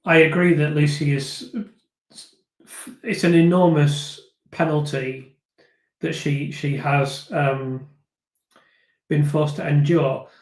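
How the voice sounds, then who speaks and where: Male live-stream host, slightly raised pitch, hesitant conversational delivery, echoey room. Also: little pitch movement, slow, long pauses. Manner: thoughtful, hesitant, many fillers and restarts. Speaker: host of a live viewer discussion. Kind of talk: casual live-stream chat reading viewer comments.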